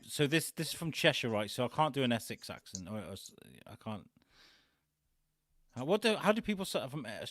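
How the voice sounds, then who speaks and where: A man co-hosting a comedic news chat, talking haltingly with many restarts and laughs. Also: medium pitch, a bit bright, dry recording, studio quality. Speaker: co-host.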